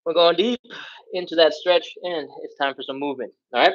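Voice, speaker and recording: Male fitness instructor, slightly high voice, energetic live class cues, audible effort breaths, lo-fi stream audio. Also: brisk. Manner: energetic, coaching cues and counting aloud; breathing hard, sighs and grunts while stretching along.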